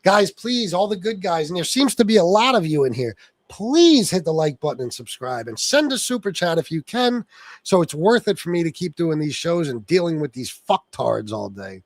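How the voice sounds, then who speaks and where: Here the Sicilian-heritage host of a political livestream reads chat and hurls angry, swear-filled rants at viewers. His slightly high voice is sing-song at a normal speed, with no echo.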